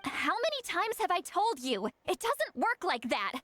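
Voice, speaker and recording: A woman's voice: very high-pitched, very animated, a little slow, fairly bright tone, exaggerated voice. A woman voicing a bossy, short-tempered old granny in a young woman's body, in a video game.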